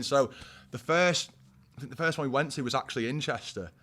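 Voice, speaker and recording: A guest musician in his twenties from Warrington, England, chats casually in a Northern English accent, a bit tipsy after a pint. His medium-pitched voice is brisk and sharp, and his talk is slangy and full of fillers.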